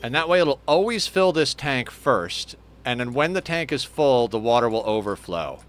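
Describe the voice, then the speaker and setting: A man giving casual let's play commentary, chatty and thinking aloud, now and then cooing softly to a pet. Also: medium pitch, expressive, normal speed. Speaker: game streamer.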